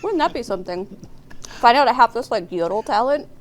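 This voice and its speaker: A woman co-hosting a morning show, joking in an animated way and saying "like" a lot. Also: fairly high pitch, fairly quick, slight background noise, rough recording. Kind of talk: casual chat. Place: TV studio.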